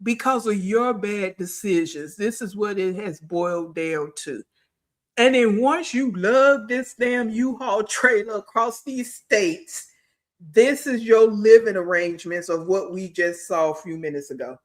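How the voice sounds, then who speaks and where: A woman hosting a reaction video, pausing the clip to deliver blunt, mocking, profane commentary. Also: mid-range voice.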